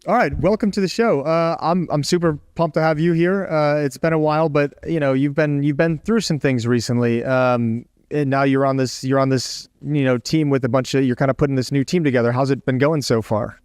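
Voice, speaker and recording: A man's voice: mid-range voice, steady tone, a little fast, few pauses, darkish tone, clear, resonant tone, no room sound, studio quality. A man hosting a mock podcast interview, rambling and restarting his questions eagerly. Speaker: host of a comedy podcast sketch.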